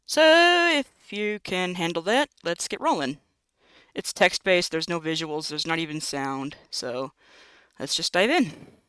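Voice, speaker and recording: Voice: medium pitch, expressive, a little slow, sharp tone, clean tone, dry recording, rough recording. A host reading a text-based game aloud, breaking in with wry jokes and asides. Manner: wry, jokey, self-interrupting. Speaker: narrator and let's-play host.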